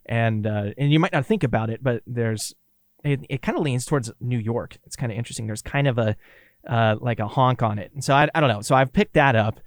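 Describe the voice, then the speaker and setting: A man's voice: mid-range voice, brisk, no echo. Chatty Kansas-accented man, dry studio sound. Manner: chatty, laughs easily, rambling restarts. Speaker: radio co-host and producer. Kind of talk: casual chat.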